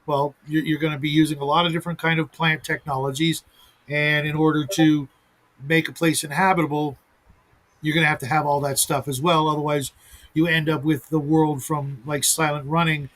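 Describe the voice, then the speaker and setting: A man's voice: fairly high pitch, little pitch movement, brisk, a bit bright. A man hosting a casual group chat, talking at length with many restarts. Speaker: host.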